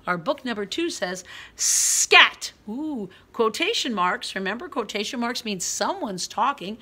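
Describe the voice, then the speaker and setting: A woman teaching a guided reading lesson for young children, sounding out letters clearly, reading quoted words loudly, and praising them often. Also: fairly high pitch, expressive, moderate pace. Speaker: preschool teacher.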